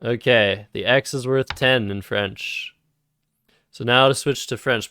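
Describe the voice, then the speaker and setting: A man's voice: medium pitch, fairly even intonation, slow, sharp tone, smooth, no echo, clean studio sound. A man casually thinking aloud while playing word games on a live stream. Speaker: streamer and Scrabble player.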